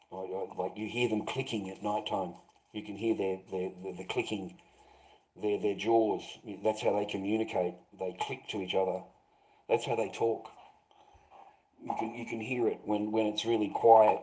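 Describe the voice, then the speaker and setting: A man with a fairly low voice rambles to his livestream audience. He swears freely and calls his viewers mate and bro, in a loose, casual way. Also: mellow, poor audio.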